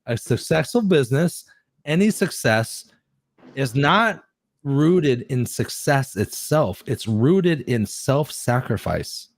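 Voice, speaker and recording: Excitable man in his forties. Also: medium pitch, takes it slowly, dry recording. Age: 40s. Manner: excitable and effusive, swears freely. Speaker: podcast guest. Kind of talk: casual chat.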